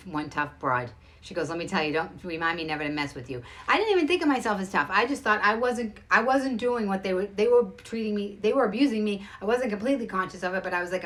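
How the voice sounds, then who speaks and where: Fast-talking emphatic woman, low voice. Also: fairly bright tone. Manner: rapid, emphatic, restarts a lot. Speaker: show host. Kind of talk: direct-to-camera storytelling.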